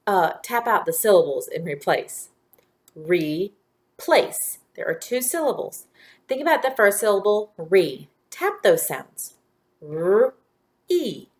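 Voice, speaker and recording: Speaking in a mid-range voice, a female teacher guides young children through a phonics lesson very slowly and deliberately. She stretches out each word clearly, gives brief, plain instructions, and then offers encouraging praise.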